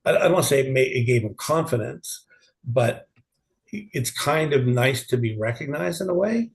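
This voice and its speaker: A man's voice: medium pitch, expressive, normal speed, vocal fry. A man co-hosting a casual chat, mostly chiming in with brief, agreeable replies. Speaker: podcast co-host.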